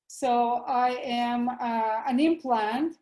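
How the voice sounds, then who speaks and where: A woman's voice: a little high, drawn-out words, dark tone, roomy sound, poor audio. A middle-aged woman with a Russian accent, a doctor speaking as a guest in an interview, earnest and enthusiastic. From former Soviet Union. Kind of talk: interview over the line.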